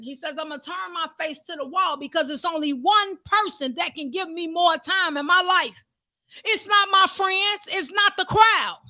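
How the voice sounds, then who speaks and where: Fervent high-voiced woman preaching. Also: no echo, studio quality. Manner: fervent, preacherly, rising to shouts. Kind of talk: impassioned sermon.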